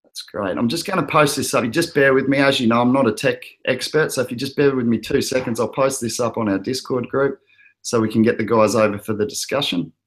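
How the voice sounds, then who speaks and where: Australian man, host, casual chat, rambling, middle pitch. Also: a little fast. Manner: easygoing, rambling, with frequent fillers and restarts.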